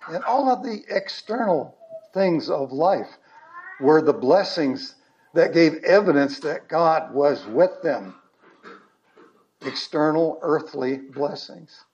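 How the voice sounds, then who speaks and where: A man preaching a sermon as pastor, slow and earnest with emphatic stresses. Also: a little high, darkish tone, dull audio.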